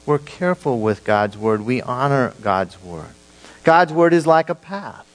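A male pastor preaching an emphatic sermon to his congregation, swinging between loud declarations and hushed, slow emphasis. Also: medium pitch, animated, rough recording.

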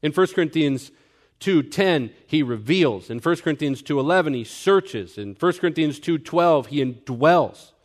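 A man's voice: on the high side, expressive, moderate pace. A young-adult man pastor teaching a sermon earnestly, explaining scripture point by point. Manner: earnest, mimics people in quoted asides.

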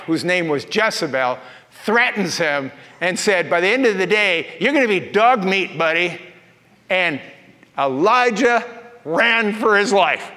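High-voiced preacher in a reverberant hall. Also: male voice. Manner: animated storytelling with playful asides. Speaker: pastor. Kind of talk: sermon. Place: church.

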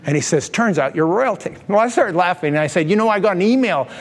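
High-voiced pastor telling a funny story. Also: male voice, fast talker, big-room sound. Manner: humorous, animated storyteller. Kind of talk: storytelling sermon.

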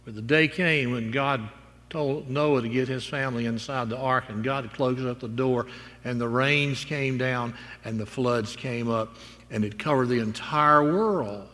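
A man's voice: mid-range voice, fairly even intonation, unhurried, sharp tone. A male pastor preaching a sermon, moving from storytelling to emphatic declarations. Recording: long reverb in a large hall.

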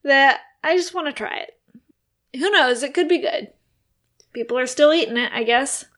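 A woman's voice: sits high, normal speed, fairly bright tone. Chatty, giggly woman. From United States. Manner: chatty, giggly, lists things off. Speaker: podcast co-host. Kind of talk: casual chat.

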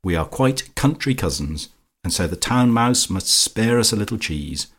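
A man's voice: fairly low pitch, lively intonation, normal speed, fairly bright tone, breathy edge. A man voicing an imperious, catty woman who rules village society, speaking with sugary, sarcastic malice in an audiobook. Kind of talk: audiobook character voice.

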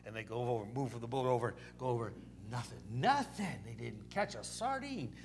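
A man's voice: medium pitch, animated, normal speed, a little hiss or hum. A male pastor preaching a sermon in a folksy, repetitive storytelling way, dropping in "amen"s.

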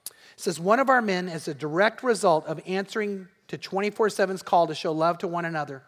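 A man preaching a sermon as a pastor, emphatic and animated, often asking the congregation questions. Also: sits high, a little fast, big-room sound. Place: large church.

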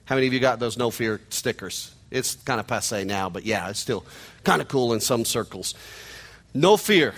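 A man's voice: medium pitch, animated, normal speed, a bit bright. Man, Missouri twang, nasal, middle-aged pastor, chatty sermon with jokes. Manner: conversational, joking asides to the congregation.

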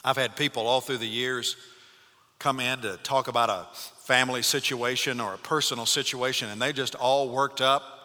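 A male pastor giving a Sunday morning sermon, swinging between loud calls and hushed, calm speech. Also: mid-range voice, normal speed, in a large hall. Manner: dynamic preaching, shifts from loud to hushed.

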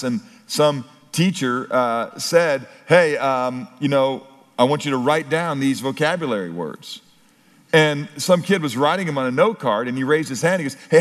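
A middle-aged man preaching a sermon as pastor, building emphasis and breaking into story asides. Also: a little high. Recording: long hall reverb.

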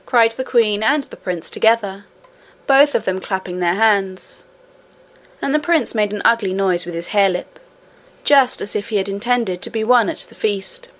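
A woman narrates a children's fantasy storybook aloud in a mid-range voice. Her reading is clear and steady, set at an even pace. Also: medium pitch, moderate pace. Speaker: audiobook reader.

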